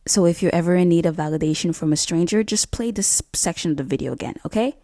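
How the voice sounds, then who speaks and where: Talking fast in a warm, low, deep-set voice, a young vlogger gives casual advice with blunt, jokey swearing. Her recording is close and dry, with no echo or room around it.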